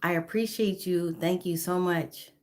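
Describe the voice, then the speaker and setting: A woman's voice: lowish voice, fairly even intonation, unhurried. A woman in her fifties chatting on a phone live stream, greeting viewers by name and apologizing now and then. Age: 50s. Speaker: livestreamer.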